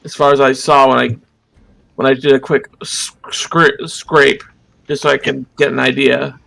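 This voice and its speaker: A man's voice: medium pitch, little pitch movement, normal speed, vocal fry, fairly bright tone, rough recording. A man playing in a tabletop game, chatting casually with some stumbles. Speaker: player.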